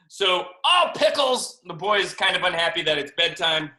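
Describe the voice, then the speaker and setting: A man, a children's book author, reading a picture book aloud to young children over a video call, animated and chatty, in an echoey room. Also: a little high, normal speed. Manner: animated, chatty storytelling to kids.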